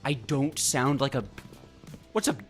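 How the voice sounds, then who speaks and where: An American man hosting a casual group chat, animated and quick to laugh. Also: mid-range voice, soft background music. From United States. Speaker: host.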